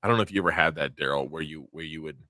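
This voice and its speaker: A man's voice: a bass voice, rapid-fire, sharp tone, no room sound, clean studio sound. A man co-hosting a casual chat show, telling stories in a crude, joking way. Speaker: podcast co-host.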